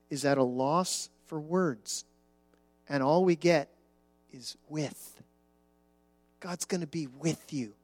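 A man preaches in a slow, unhurried sermon, his voice sitting high for a man. He leans hard on repeated words, then drops to a hush on the key lines. The sound is dry and close, with soft music underneath. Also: no echo. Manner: emphatic, repeats words for stress, dramatic drops to near-whisper. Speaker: pastor.

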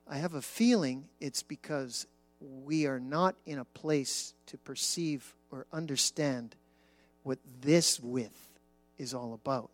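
A man preaches in a slow, unhurried sermon, his voice sitting high for a man. He leans hard on repeated words, then drops to a hush on the key lines. The sound is dry and close, with soft music underneath. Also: no room sound. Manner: emphatic, repeats words for stress, dramatic drops to near-whisper. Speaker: pastor.

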